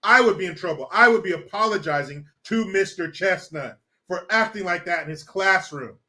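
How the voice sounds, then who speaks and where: A man's voice: high voice, moderate pace, bright, forceful tone. A man hosting a casual livestream, reading chat and ranting with lots of profanity and laughter. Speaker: live stream host.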